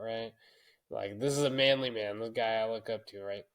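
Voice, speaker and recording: A man's voice: lowish voice, steady tone, fairly quick. A man in his thirties co-hosting a podcast, telling a story in a loose, swearing, laughing way. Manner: profane, storytelling, laughs often. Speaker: podcast co-host. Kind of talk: casual podcast chat.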